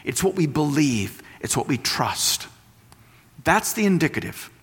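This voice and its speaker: A man preaching with a lively, rising and falling voice, his sentences ringing out in a long hall reverb. He explains slowly, then repeats key phrases for weight, using everyday comparisons to teach his congregation. His voice sits fairly high for a man. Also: husky. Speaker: pastor. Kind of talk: sermon.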